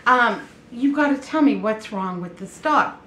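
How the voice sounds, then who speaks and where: A woman telling a personal story in a chatty, animated way, acting out what others said in her own voice. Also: a little high, measured pace. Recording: echoey room with faint noise.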